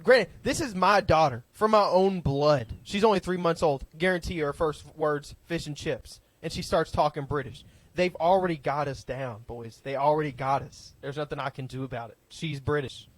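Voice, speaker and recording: A man's voice: a little high, moderate pace, hardly any pauses, no room sound, low-quality recording. A man co-hosting a podcast, telling exaggerated jokes in a casual chat. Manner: jokey, exaggerated storytelling. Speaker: podcast co-host.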